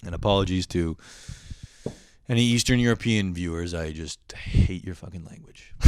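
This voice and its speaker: A man's voice: low voice, moderate pace, a little mellow, clean tone, no room sound. A young man in a profane comedic rant, swearing constantly and sounding exasperated as he complains. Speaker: comedic vlogger.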